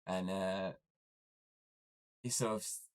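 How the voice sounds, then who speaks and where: A man's voice: low-pitched, steady tone, takes it slowly. A man hosting a podcast, recapping a film in casual chat and rambling with lots of fillers. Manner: rambling, heavy use of "obviously" and "like". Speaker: podcast host.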